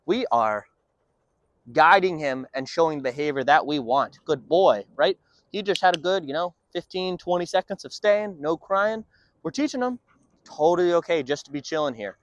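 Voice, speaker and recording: A man's voice: a little high, lively intonation, normal speed, dry recording. A man working as a dog trainer, explaining his training session in an upbeat way between short firm commands to a dog.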